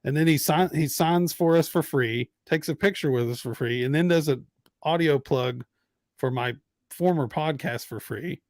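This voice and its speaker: Podcast host, man in his 30s, animated storyteller, close dry mic. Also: on the high side, moderate pace, dry recording. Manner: animated storyteller acting out quotes. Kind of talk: casual storytelling chat.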